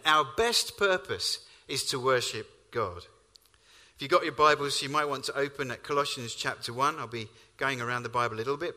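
A man preaches a sermon, his fairly high, bright voice lifting with emphasis on key lines. His storytelling rings out with the long reverb of a hall.

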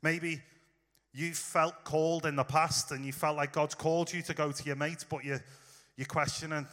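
Guy giving an informal sermon, slightly high voice, roomy church sound. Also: fairly even intonation, normal speed, pushed and bright. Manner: informal, storytelling, direct address to listeners. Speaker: preacher. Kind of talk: conversational sermon.

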